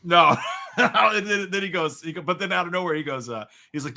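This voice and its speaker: A man co-hosts a casual live stream. His voice is very bright and sharp, and he tells his anecdotes with energy, acting out the people he met. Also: fairly high pitch, fast talker. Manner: animated storyteller who acts out the people in his stories. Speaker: podcast co-host.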